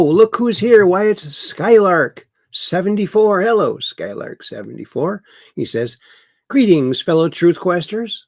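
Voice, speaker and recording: A man's voice: mid-range voice, gravelly, dry recording, clean studio sound. A man hosting a livestream, reading viewer chat aloud and mocking the news with chuckles. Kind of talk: casual political commentary livestream. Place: home in Wisconsin.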